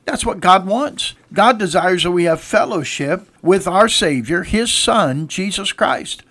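A man's voice: high-pitched, expressive, unhurried, a bit bright. A man preaching a sermon, telling a story and then repeating a rising refrain to his listeners.

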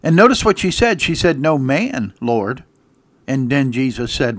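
A man's voice: very animated, unhurried, no room sound. Impassioned preacher man, dry close sound. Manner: preaches with sweeping swings between loud emphatic peaks and soft low passages; reads scripture aloud in King James wording. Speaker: pastor. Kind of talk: sermon.

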